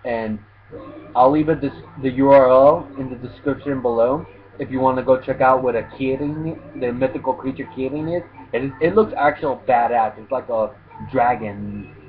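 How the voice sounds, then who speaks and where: Young guy casually recapping a chapter, swears a lot, trips over his words, tinny lo-fi sound. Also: medium pitch. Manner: laid-back, swears often, stumbles and restarts while recapping. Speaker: manga reviewer. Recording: tinny phone-like lo-fi audio.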